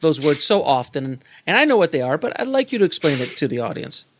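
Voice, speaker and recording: A man's voice: a little high, very animated, fast. A man hosting a podcast, chatting candidly and casually with his guest. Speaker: podcast host. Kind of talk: conversational interview.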